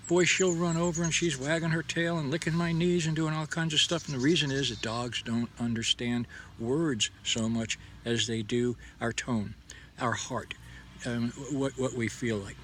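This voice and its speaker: A man's voice: medium pitch, fairly even intonation, normal speed, fairly bright tone, slight background noise. A middle-aged man giving a casual, folksy devotional talk, rambling and stammering through restarts. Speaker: host. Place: outdoors under a tree.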